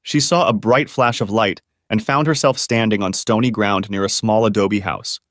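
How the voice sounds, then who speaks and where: A man reading a story as scripted narration in a steady storybook voice. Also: fairly low pitch, moderate pace, no echo, clean studio sound.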